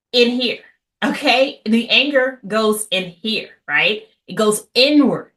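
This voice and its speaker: A woman leads a lively lecture on healing after infidelity, her voice on the high side, pushed and bright. Blunt and animated, she uses asides and mock voices as she teaches the class.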